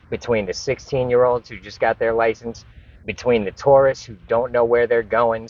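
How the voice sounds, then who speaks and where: Low-voiced man telling a rambling story. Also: fairly bright tone. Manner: rambling, profane, repeats and restarts. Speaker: vlogger. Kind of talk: casual storytelling to camera. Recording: dull lo-fi recording.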